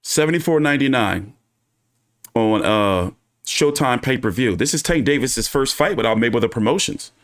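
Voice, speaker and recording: A man's voice: mid-range voice, animated, normal speed, fairly bright tone. Profane, ranting male boxing streamer. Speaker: boxing channel host. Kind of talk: casual livestream commentary.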